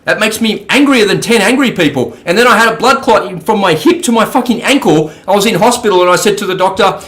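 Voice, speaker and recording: A man's voice: high voice, fast, fairly bright tone. An Australian man, a podcast guest, ranting angrily with heavy swearing. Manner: furious, profane, ranting. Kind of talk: angry podcast rant.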